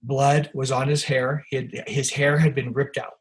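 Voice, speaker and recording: Heard through a low-quality recording, an older author appearing as a podcast guest spins rambling stories full of restarts and fillers. His mid-range voice is husky and flat, moving at a normal speed.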